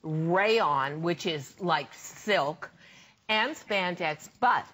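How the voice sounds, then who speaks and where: An older woman, a designer and brand founder, giving an enthusiastic, emphatic home shopping sales pitch. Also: expressive, extremely slow, a bit bright.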